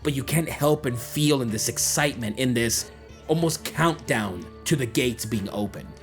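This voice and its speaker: A man's voice: medium pitch, expressive, moderate pace, soft background music. A man narrating a tabletop game as game master, describing scenes with lots of fillers.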